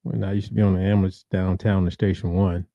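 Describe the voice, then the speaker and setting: A man's voice: sits low, level tone, quick pace, vocal fry, dry recording, muffled recording. A man hosting a blues and soul show, chatting casually and greeting listeners by name in a rambling way. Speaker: radio show host. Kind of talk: casual live-stream chat.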